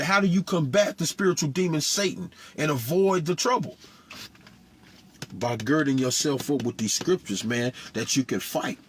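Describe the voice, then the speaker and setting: Husky man preaching in street talk. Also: fairly high pitch, a bit bright. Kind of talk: informal scripture teaching.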